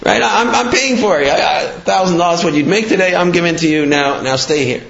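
A man's voice: sits high, brisk, gravelly, a bit bright, pitched above the performer's own voice. A man voicing a homesick emigrant man who eagerly insists his visitor stay, in a dull, echoey recording. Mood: insistent.

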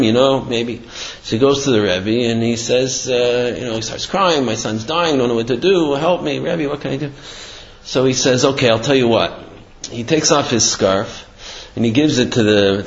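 Man giving a halting Torah class, echoey. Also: medium pitch. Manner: informal, halting, many fillers and restarts. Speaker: Torah teacher. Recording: echoey room, slightly muffled.

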